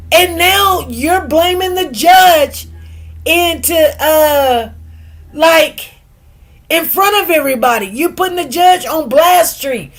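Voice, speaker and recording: Animated, gossipy woman commentator. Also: sits high. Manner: animated, gossipy, laughs often, acts out quotes. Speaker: news commentary host. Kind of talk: casual commentary.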